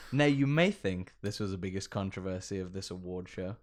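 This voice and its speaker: A man's voice: deep voice, animated, normal speed, very noisy. A man co-hosting a podcast in casual comedic chat, often laughing and reading out posts with mock emphasis. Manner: giggly, reads out tweets with mock emphasis. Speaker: podcast co-host.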